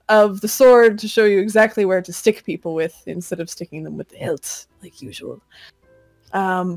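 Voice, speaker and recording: A woman's voice: mid-range voice, no echo. A woman narrating a tabletop pirate game as game master, describing scenes vividly.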